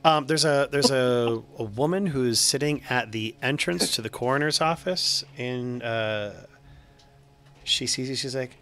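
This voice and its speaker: A man's voice: medium pitch, a little slow, a bit bright. A man running a tabletop game as game master, rambling with many fillers and restarts.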